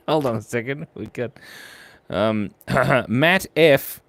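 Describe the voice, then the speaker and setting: Hosting a live drawing stream, this man chats casually with his audience and draws whatever they propose, keeping things playful and goofy. His mid-range voice has lively intonation and an unhurried pace.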